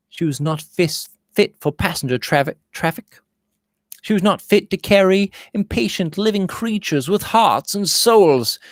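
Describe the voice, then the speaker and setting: Guy reading a victorian novel, voice goes all over the place, dry close sound. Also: dry recording. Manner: voices dialogue with rising pitch and volume. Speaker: audiobook reader.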